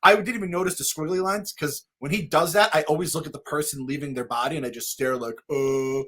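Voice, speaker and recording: A man co-hosting a podcast, joking around in animated, sweary casual chat. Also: a little high, fast, husky. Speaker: podcast co-host.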